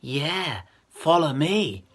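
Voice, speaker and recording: A sly but helpful snake, as a man puts him on, speaking in a soft, hushed, drawn-out voice in a children's story. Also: a little high, sing-song, pitched above the performer's own voice, exaggerated voice.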